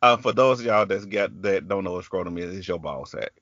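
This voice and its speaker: A man's voice: low-pitched, brisk, fairly bright tone, no echo, highs cut off. A man with a Southern US country accent hosting a podcast, telling a story in casual chat. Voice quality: chatty, storytelling with quoted voices. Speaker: podcast host.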